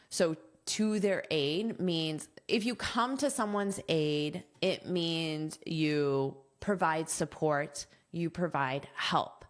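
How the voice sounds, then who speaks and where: A woman teaching English vocabulary, patiently explaining words and phrasal verbs with everyday examples. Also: fairly low pitch.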